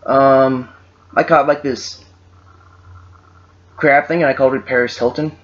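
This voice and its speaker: A man's voice: mid-range voice, fairly even intonation, measured pace. A man hosting a casual podcast chat, joking and sarcastic as he talks. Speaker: podcast host. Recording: dull lo-fi amateur recording.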